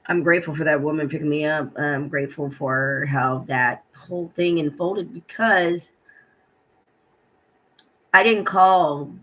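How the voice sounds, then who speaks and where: A middle-aged woman talks to the camera in a personal vlog, her voice bright and forward. She rambles in a heartfelt way, full of "um"s, and retells her day with feeling. She sounds emotional and hurt underneath. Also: sits low, poor audio. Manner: rambling and heartfelt, full of fillers and retold dialogue. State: emotional, hurting. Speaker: vlogger.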